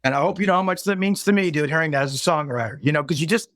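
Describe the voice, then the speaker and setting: A man, a musician, telling a moving story in an interview, earnest, halting, with many restarts, choked up near tears. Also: on the high side, fairly bright tone, dry recording. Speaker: musician guest.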